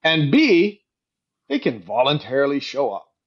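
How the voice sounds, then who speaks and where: A middle-aged man telling stories in a casual podcast interview, animated and quick to act out what others said. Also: fairly high pitch, muffled recording. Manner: animated storyteller, acts out quoted voices, frequent "like". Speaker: guest, company co-founder and CEO.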